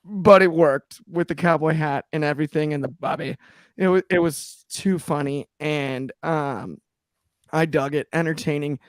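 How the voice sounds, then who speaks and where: A man's voice: fairly high pitch, steady tone, moderate pace, no room sound, studio quality. A man co-hosting a wrestling chat show, talking with enthusiasm and rambling in a loose, casual way. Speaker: podcast co-host.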